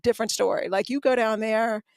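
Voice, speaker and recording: A woman from Atlanta with a light Southern US accent, chatting as a guest DJ and telling stories in a lively, laughing way. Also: on the high side, a little fast, gravelly, no room sound. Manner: animated storyteller, laughs often. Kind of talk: casual chat.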